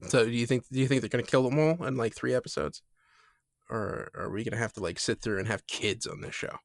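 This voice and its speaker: Male podcast co-host, mid-pitch, dry close sound, eager and rambly delivery. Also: fast talker, no echo. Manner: enthusiastic, rambling with many fillers and restarts. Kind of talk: casual chat.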